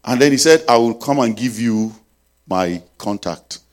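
A man preaching a sermon, telling a story and leading prayer, swinging between loud and soft. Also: mid-range voice, animated, a little slow.

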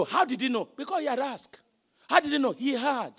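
A man preaching a sermon. He keeps asking the congregation questions and often breaks into shouted emphasis. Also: very high-pitched, sing-song, a little fast, husky.

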